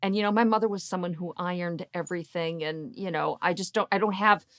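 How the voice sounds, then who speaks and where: A woman's voice: lowish voice, fairly even intonation, a little fast, a bit bright, no room sound, studio quality. A woman from Boston with a Boston accent, a coach chatting playfully on a podcast. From Boston, USA. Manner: playful and chatty, full of compliments. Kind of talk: casual podcast chat.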